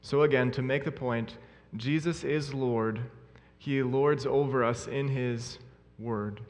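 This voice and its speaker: Male preacher, mid pitch, earnest and emphatic sermon delivery, long reverb of a church hall. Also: fairly even intonation, slow pace, darkish tone. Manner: earnest, emphatic, repeats key phrases.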